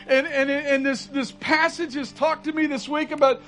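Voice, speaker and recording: High-voiced folksy preacher man. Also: little pitch movement, normal speed, fairly bright tone, rough recording. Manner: folksy, rising to urgent emphasis with repeated phrases. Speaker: pastor. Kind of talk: sermon.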